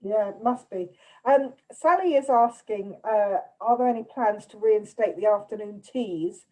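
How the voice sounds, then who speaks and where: A woman from the UK, a literary agent reading out audience questions and answering some herself in a relaxed way. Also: mid-range voice, a little slow, rough recording. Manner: warm, relaxed, reads out questions with fillers. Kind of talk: casual chat.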